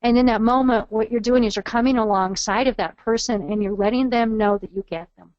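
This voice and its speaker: A woman's voice: on the high side, a little fast, darkish tone, no echo, highs cut off. A woman trainer giving a webinar lecture in an earnest, coaching manner, modeling phrases aloud.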